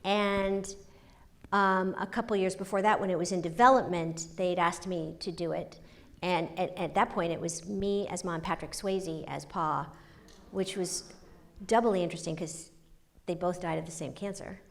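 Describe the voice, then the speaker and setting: A woman's voice: fairly low pitch, moderate pace, gravelly. Woman in her fifties, chatty and laughing, telling stories to an audience on a stage mic. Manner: animated, laughing storyteller. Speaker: guest author. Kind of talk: onstage conversation, storytelling. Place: university auditorium.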